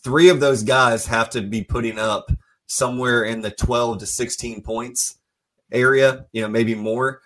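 A man's voice: mid-range voice, unhurried, a little hiss or hum. Man breaking down a basketball game. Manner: steady, analytical breakdown. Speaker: sports talk show host. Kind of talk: sports analysis.

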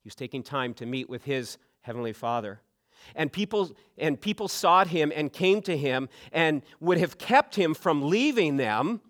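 An earnest, animated middle-aged Canadian pastor preaches a sermon at a normal speed, his voice fairly high with a fairly bright tone. He often repeats his opening words before a sentence gets going.

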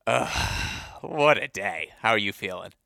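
A man's voice: fairly low pitch, slow, gravelly, no echo, clean studio sound. Enthusiastic man hosting a sports podcast. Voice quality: slightly worn voice after a long day. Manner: enthusiastic, gets loud and excited telling stories. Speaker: podcast host.

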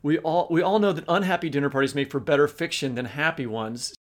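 A man hosting a literary podcast interview, with playful asides. His voice sits slightly high for a man. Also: fast talker. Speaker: podcast host.

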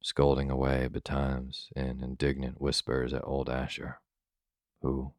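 Super deep guy reading a sleepy bedtime story, totally flat and steady, dry close sound. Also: measured pace, no echo. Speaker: narrator.

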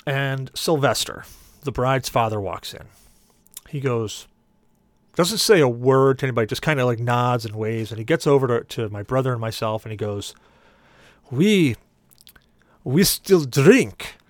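A man's voice: medium pitch, moderate pace, no echo. A man on a podcast telling a long story in casual talk, acting out the voices of the people in it. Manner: animated, acts out quoted voices. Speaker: podcast co-host.

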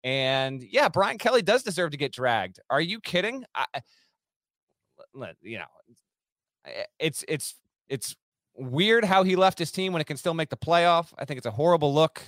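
A man from the northern United States, co-hosting a sports podcast with quick, opinionated rants. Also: on the high side, sing-song, a bit bright, no echo, clean studio sound. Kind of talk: casual sports talk.

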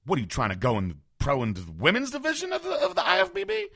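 A man voicing a loud, brash, boastful giant bodybuilder with a swaggering delivery. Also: medium pitch, sing-song, fast, vocal fry, husky, no echo, clean studio sound, pitched above the performer's own voice, heavily acted. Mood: boisterous.

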